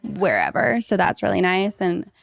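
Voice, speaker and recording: A woman's voice: lowish voice, very animated, moderate pace, creaky, no room sound. Young Minnesotan woman, dry close sound. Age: young adult. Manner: laughs often, many "like" fillers. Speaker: podcast guest. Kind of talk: casual interview chat.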